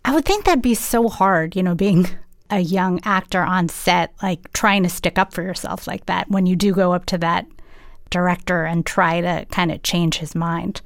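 A woman's voice: lowish voice, normal speed, creaky, dry recording, clean studio sound. A woman interviewing a guest, asking conversational, empathetic questions. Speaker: interviewer, radio host.

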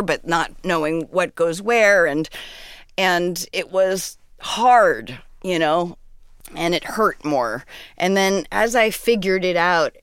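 A woman chats as a guest in an interview, relaxed and rambling with lots of "like". Her voice is a bit low and smooth, recorded dry and close. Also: dry recording. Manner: chatty, filler-heavy with "like" and "you know". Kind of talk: casual conversation in a radio interview.

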